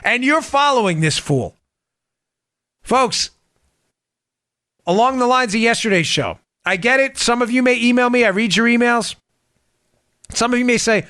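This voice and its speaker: A man hosting a political talk podcast, ranting in an animated, mocking way with quick asides. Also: extremely high pitch, no room sound, clean studio sound. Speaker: podcast host. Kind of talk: political talk show monologue.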